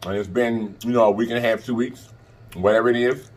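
Man, husky, casual vlogger chat to camera, repeats himself. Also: medium pitch, fairly even intonation, brisk. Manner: chatty, repeats itself for emphasis. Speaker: mukbang vlogger.

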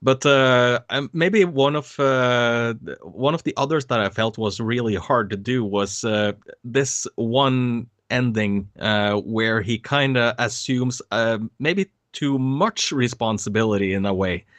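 A man's voice: medium pitch, a little slow, fairly bright tone, dry recording. A man being interviewed about his voice acting work, talking casually with many hesitant fillers and frequent laughs. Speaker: voice actor guest.

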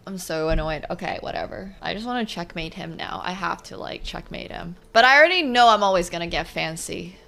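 A woman streaming her online chess games, talking through the moves and swinging from quiet muttering to loud outbursts. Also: lowish voice, lively intonation, fairly quick, creaky, hardly any pauses. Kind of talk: live commentary while playing online chess.

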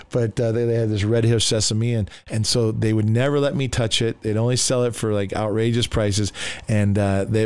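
Pastor, male, animated storyteller; smooth, resonant, close and dry. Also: lowish voice, no echo. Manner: animated, acts out voices, many restarts. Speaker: pastor telling his testimony as a guest. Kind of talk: storytelling testimony.

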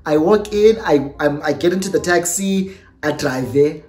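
A young adult YouTuber with a South African accent, telling a story in a lively storytime vlog and switching between English and Xhosa. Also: medium pitch, normal speed. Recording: roomy echo with faint music.

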